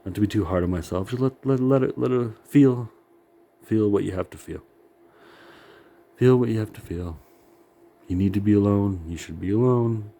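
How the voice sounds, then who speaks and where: A man's voice: low voice, dark tone, breathy edge. A middle-aged man rambling in a profane, self-critical monologue, laughing often and sounding worn out.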